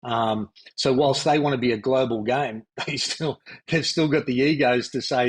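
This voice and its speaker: A man's voice: medium pitch, steady tone, normal speed, few pauses, husky. A man in his fifties from Australia with an Australian accent, a former pro basketball player chatting easily as a podcast guest. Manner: easygoing, reminiscing, frequent fillers. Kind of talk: relaxed interview chat.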